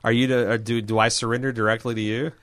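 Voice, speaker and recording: A man's voice: medium pitch, flat delivery, quick pace, fairly bright tone, dry recording. A man co-hosting a podcast, reading listener emails aloud in casual, joking banter and tripping over names.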